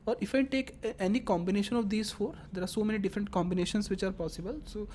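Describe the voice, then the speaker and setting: Repetitive woman lecturing with a mellow voice. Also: medium pitch, fairly even intonation, fast, slight background noise. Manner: explains step by step, repeats phrases, fillers. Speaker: teacher. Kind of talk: classroom lecture.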